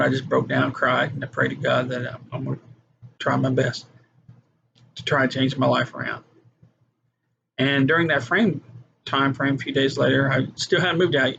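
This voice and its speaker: A man's voice: mid-range voice, creaky. A man giving an earnest personal testimony, acting out the voices in his story. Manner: earnest storytelling with acted quotes. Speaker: testimony speaker. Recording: muffled with background noise.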